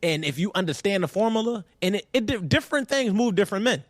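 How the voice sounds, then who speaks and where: A man co-hosting a casual podcast, speaking candidly and profanely as he gives blunt relationship advice and tells lively stories. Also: high-pitched, fast talker, no room sound. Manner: lively storyteller. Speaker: podcast co-host.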